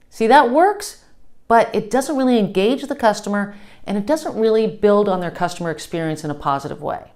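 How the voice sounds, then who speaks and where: Woman, trainer, instructional lesson, upbeat, check-in questions, medium pitch. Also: lively intonation, fairly quick, darkish tone. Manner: upbeat, frequent "okay?" check-ins. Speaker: customer service trainer.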